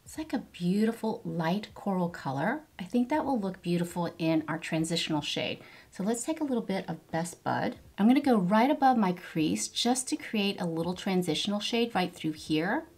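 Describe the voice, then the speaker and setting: A woman's voice: medium pitch, expressive, moderate pace, darkish tone, breathy edge. A woman in her fifties doing a get-ready-with-me makeup tutorial, gushing enthusiastically over each product as she applies it. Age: 50s. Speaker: beauty vlogger.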